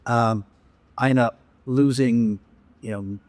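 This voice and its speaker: A man in his sixties from England, with an English accent touched by Australian, telling anecdotes in a relaxed interview with frequent asides. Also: mid-range voice, takes it slowly, dry recording. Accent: English with some Australian. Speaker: guest, professional speaker. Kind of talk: conversational interview storytelling.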